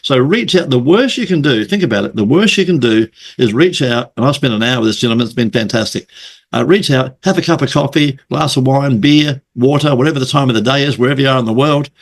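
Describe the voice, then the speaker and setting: A man hosts a relaxed podcast chat. He tells sales stories with plenty of swearing and puts on the voices of the people in them. His voice sits at an ordinary middle pitch. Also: fast talker. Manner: storytelling, swears, acts out quoted voices. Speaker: podcast host. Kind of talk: casual interview chat.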